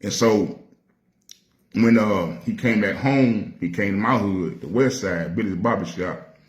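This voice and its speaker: A Nashville man with a Southern accent, a rapper spinning a story from his past. His voice sits low, and he talks loose and streetwise, swearing freely. The sound bounces around an echoey room. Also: measured pace. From Nashville, Tennessee. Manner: streetwise, profane, acts out quoted voices. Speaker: rapper telling stories. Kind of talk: casual storytelling.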